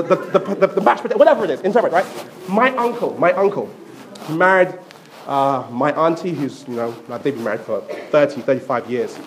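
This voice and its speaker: A male pastor preaching a sermon, telling stories playfully and repeating himself often. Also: sits high.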